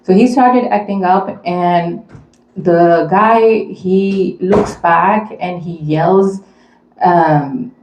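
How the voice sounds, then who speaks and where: With a lowish, darkish voice and drawn-out words, a woman shares a personal story as a mother before a community audience. She's earnest and chatty, using lots of fillers, and the echoey room has slight background noise.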